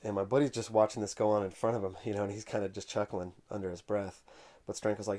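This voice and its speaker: Flat-voiced man telling a casual anecdote. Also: fairly low pitch. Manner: unhurried, conversational storytelling. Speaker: comic collector vlogger.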